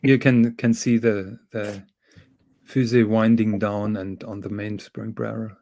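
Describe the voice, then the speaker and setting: A man's voice: fairly low pitch, little pitch movement, unhurried, warm tone, slight background noise. A man explaining things carefully and patiently on a livestream, with some fillers. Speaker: guest on a watch livestream. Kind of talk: casual livestream chat.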